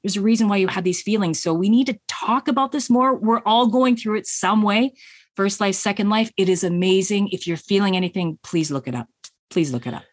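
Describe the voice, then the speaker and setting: A woman's voice: medium pitch, a little fast, no room sound. A middle-aged woman, a business coach, telling a personal story in an interview in an earnest, heartfelt way and acting out her own past thoughts.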